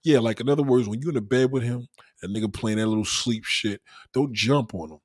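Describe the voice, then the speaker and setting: A man hosting a casual late-night livestream, reacting loudly to chat with profane, laughing banter. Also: mid-range voice, fairly quick, dry recording, clean studio sound. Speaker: livestream host.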